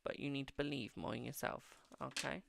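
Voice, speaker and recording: Very gravelly man reading tarot. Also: medium pitch, steady tone, a little fast, very noisy. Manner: affectionate, calls viewers "my darling". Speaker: tarot reader hosting a live stream. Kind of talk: casual live-stream tarot readings.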